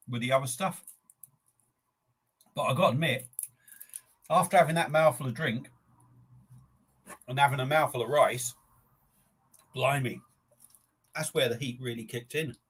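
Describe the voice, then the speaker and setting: Here the older livestream host's voice is mid-range, a bit bright and slightly rough. Chilli has his mouth burning, and he chats and rambles breathlessly between sweating and sniffles.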